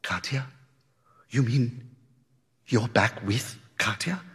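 A man voicing a hoarse, hushed jealous woman. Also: medium pitch, slow, big-room sound, voice pushed down, heavily acted. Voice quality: hoarse, forced.

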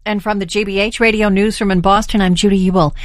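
A woman reading local news and weather in a steady, even way. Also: mid-range voice, quick pace, no echo, clean studio sound. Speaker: local newscaster.

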